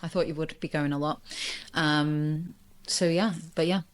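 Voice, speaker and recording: A woman's voice: low-pitched, fairly even intonation, a little slow. A woman guest on a podcast, chatting casually, laughing often, with many fillers. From England. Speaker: podcast guest, marketing agency founder. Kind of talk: casual conversational interview.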